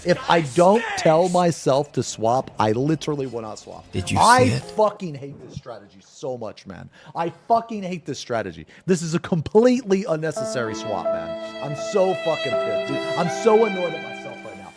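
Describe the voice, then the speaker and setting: A man's voice: fairly high pitch, very animated, normal speed, hardly any pauses, over music. A young man streaming a game, venting to his chat with a lot of swearing and repeating himself. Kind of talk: frustrated gameplay talk to stream chat.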